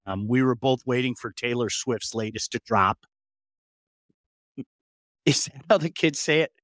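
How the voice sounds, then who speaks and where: Middle-aged male co-host, animated and joking, lively pitch, dry close mic. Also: a little slow, no room sound. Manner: animated, joking, frequent restarts. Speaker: co-host of sports talk show. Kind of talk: casual sports radio chat.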